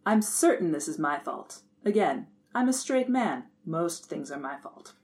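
A stiff, formal, deadpan man, as a woman reading a story puts him on. He sounds earnest and proper, and his voice sits a little low. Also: unhurried.

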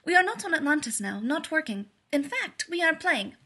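A woman doing a calm, formal man. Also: sits high, voice pushed up, exaggerated voice. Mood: gentle. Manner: formal, unhurried, no contractions. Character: calm, thoughtful male scientist.

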